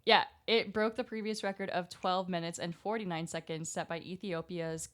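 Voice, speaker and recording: A woman's voice: fairly low pitch, fairly even intonation, normal speed, fairly bright tone. A woman co-hosting a casual podcast, chatty and giggly, with a jittery, restless way of talking. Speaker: podcast co-host. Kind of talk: casual chat.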